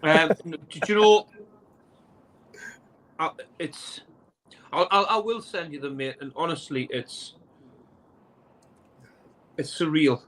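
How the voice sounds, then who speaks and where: An emotional man stumbles through his words as a guest, filling the pauses with ums. His voice is fairly high and bright, with a sharp edge. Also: poor audio. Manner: emotional, halting, many ums. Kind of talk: casual chat.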